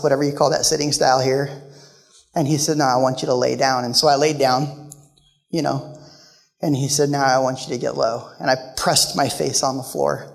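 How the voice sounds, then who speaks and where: A male guest speaker telling a personal story in a sermon, now loud, now hushed. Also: medium pitch, creaky, in a large hall. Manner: storytelling, emotional, shifts between loud and hushed.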